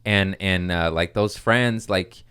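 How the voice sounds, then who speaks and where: A man's voice: low voice, slow, bright, forceful tone, clear, resonant tone. A man hosting a podcast in casual chat, goofy and laughing often, using street slang. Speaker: podcast host.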